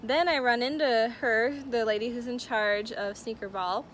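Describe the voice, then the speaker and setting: A woman's voice: on the high side, steady tone, moderate pace, a bit bright, slight background noise. Bubbly giggly young woman vlogger. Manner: bubbly and giggly, heavy on "like" and "oh my gosh". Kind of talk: casual story-time.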